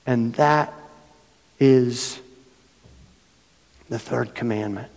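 Man, pastor, hoarse, unhurried sermon delivery, earnest, mid-pitched, long hall reverb. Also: darkish tone. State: losing his voice, hoarse. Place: church sanctuary.

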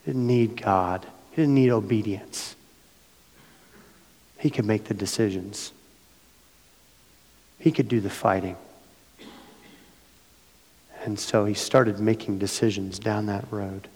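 Slow hoarse pastor in a reverberant hall. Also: male voice, fairly low pitch, steady tone, darkish tone. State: losing his voice, hoarse. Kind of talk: sermon. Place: church sanctuary.

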